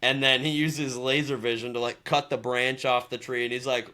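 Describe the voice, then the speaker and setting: A young man with a bright, forward voice and an ordinary pitch, chatting casually as a podcast co-host. He talks in an animated way, laughs often and acts out lines from the scenes he recalls. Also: normal speed, hardly any pauses. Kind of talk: casual chat.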